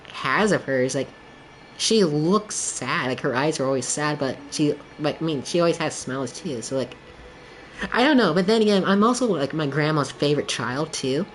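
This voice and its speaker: A man's voice: on the high side, a bit bright. Young male game streamer, casual and loose, rambles candidly, faint noise behind. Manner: rambling and candid, heavy on filler "like". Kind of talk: casual chat while gaming.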